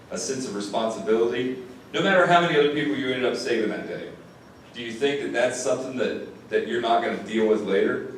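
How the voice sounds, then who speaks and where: A man who is a sheriff's deputy, telling an audience a first-person story in an earnest way, often repeating words when moved. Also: mid-range voice. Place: classroom or lecture hall. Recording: distant mic in an echoey room, faint noise.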